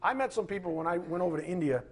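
Husky, higher-pitched middle-aged male preacher; emphatic and rhetorical, swinging loud to soft. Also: very fast. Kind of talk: sermon.

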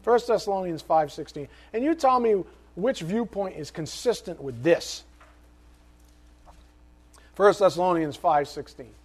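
A man with a high voice preaching to his congregation. He moves between quiet, conversational asides and loud, fervent exhortation. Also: expressive, a little slow, pauses often. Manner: impassioned, swinging from soft asides to loud exhortation. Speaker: pastor. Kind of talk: sermon.

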